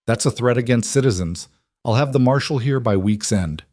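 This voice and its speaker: A man's voice: mid-range voice, normal speed, a little mellow, no room sound, studio quality, close to an everyday voice. A man doing a preachy, self-righteous town leader. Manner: preachy, accusing.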